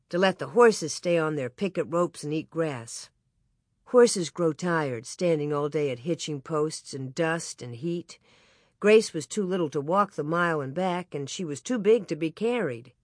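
An audiobook narrator reading a children's story aloud in an even, clear way. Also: mid-range voice, no echo, studio quality.

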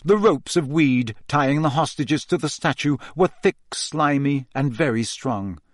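A man giving a measured, expressive scripted narration of a fantasy novel. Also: fairly high pitch, no echo, studio quality. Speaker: audiobook narrator.

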